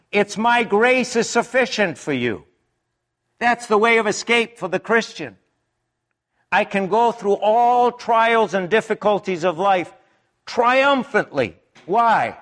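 A male preacher delivering a sermon at an unhurried, drawn-out pace. His voice sits somewhat high for a man and swings dramatically up and down for emphasis, leaning hard on key words. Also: fairly bright tone. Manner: emphatic, deliberate, with dramatic rises and drops in pitch.

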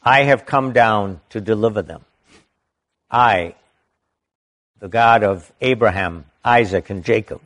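A man preaching from the Bible, reading verses slowly and deliberately and stopping to add emphatic comments of his own. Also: on the low side, a bit bright.

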